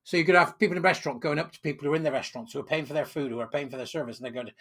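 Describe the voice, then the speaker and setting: A man's voice: on the high side, rapid-fire, hardly any pauses, a bit bright. A man giving sarcastic, indignant solo commentary, full of rhetorical questions. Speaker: political commentary host.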